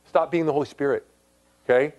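A middle-aged man preaching a sermon in a quick, conversational way, full of asides, rising at times to loud, emphatic exhortation. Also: fairly high pitch, steady tone. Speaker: pastor.

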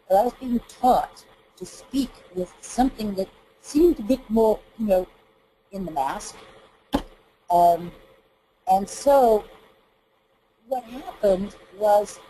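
A woman's voice: medium pitch, mellow, slight background noise, poor audio. A middle-aged woman from Texas, a vocal coach, explaining singing technique in earnest, hesitant speech with frequent fillers. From Texas, USA. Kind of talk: explanatory interview talk.

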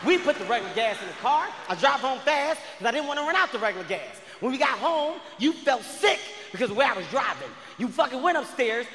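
A man doing stand-up comedy on stage, telling a story loudly and shouting the punchlines. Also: very high voice, a little hiss or hum. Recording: echoey live hall recording.

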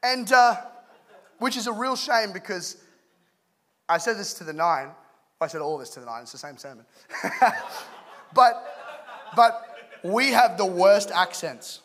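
An English pastor in his thirties delivers a funny sermon, spinning stories packed with jokes in a lively way. His voice is high, measured in pace, with frequent pauses.

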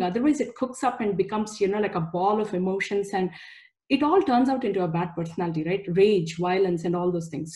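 A woman's voice: medium pitch, a little mellow. A woman in her forties giving a chatty, anecdote-filled parenting talk, with frequent laughs. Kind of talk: casual presentation talk.

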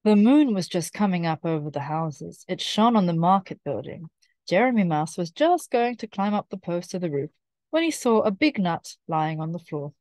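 Woman reading a children's story clearly. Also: on the low side, animated, a little mellow, dry recording, clean studio sound. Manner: clear, careful reading, repeating key phrases slowly. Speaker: storybook reader. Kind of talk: children's story read-aloud.

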